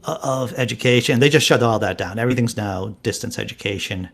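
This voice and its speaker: A man's voice: medium pitch, fairly quick. A man co-hosting a casual live-stream chat, telling rambling stories with frequent restarts. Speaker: co-host.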